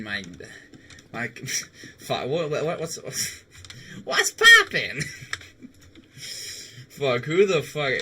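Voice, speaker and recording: A man's voice: medium pitch, sharp tone. A young man chatting casually with viewers on a live game stream, laughing often and swearing now and then.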